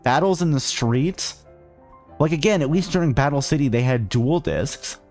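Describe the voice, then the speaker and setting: A man's voice: fairly high pitch, animated, moderate pace, darkish tone, faint music behind. A man streaming a video game, joking and ranting sarcastically while reading the on-screen text aloud. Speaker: VTuber streamer. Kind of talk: casual let's-play commentary.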